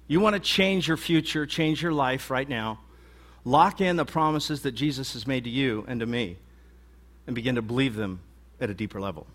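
A man's voice: mid-range voice, fairly bright tone. A man pastor preaching a sermon in a conversational, emphatic and folksy way.

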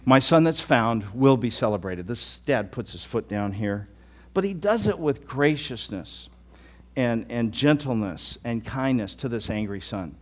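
Speaking at a measured pace in a medium-pitched, animated voice, a middle-aged pastor delivers a sermon to a live church-hall congregation. He keeps it conversational, often repeating words and starting them over.

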